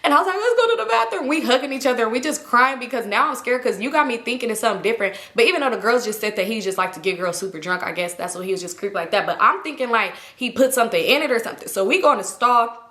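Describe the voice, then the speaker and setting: A woman vlogger telling a casual, animated story in slangy talk. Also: a little high, rapid-fire, few pauses. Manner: animated, slangy, acts out quotes. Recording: roomy echo.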